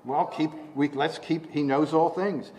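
A man preaching a conversational sermon, asking rhetorical questions and restarting often, rising in pitch and volume when he quotes scripture. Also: steady tone, a little slow, warm tone, lo-fi sound, slight background noise.

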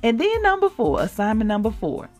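A woman hosting a devotional show, reading scripture and teaching listeners in an animated, conversational way, calling them y'all. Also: a little high, a little fast, soft background music. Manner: animated, laughs often, addresses listeners as y'all. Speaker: podcast host and preacher.

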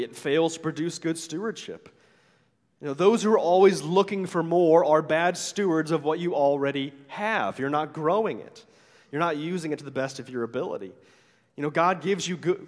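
A man's voice: a little high, long reverb tail. A man preaching a sermon as a pastor, talking in a conversational way with frequent "right?" asides and acting out the complaints he quotes.

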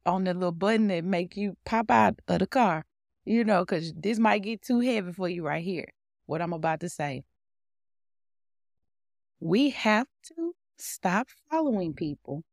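Lively woman preaching casually, gravelly edge. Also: medium pitch, no room sound, clean studio sound. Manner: animated, conversational, laughing often. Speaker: podcast host. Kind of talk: informal devotional teaching.

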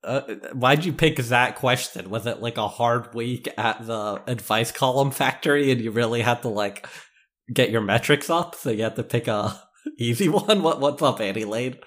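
A man's voice: mid-range voice, moderate pace, fairly bright tone. A man co-hosting a podcast in casual chat, teasing and laughing often. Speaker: podcast co-host.

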